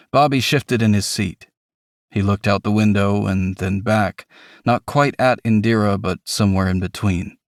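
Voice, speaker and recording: A man's voice: on the low side, no room sound, studio quality. Reflective male audiobook narrator. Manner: reflective, measured storytelling. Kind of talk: first-person audiobook narration.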